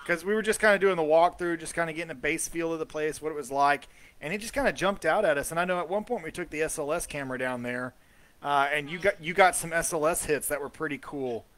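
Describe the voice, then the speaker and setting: A man with a somewhat high voice hosts a laid-back live commentary, talking over ghost-hunt footage. He chats loosely and trails off with ums and uhs. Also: fast, a bit bright. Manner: chatty, trailing off with fillers. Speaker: host.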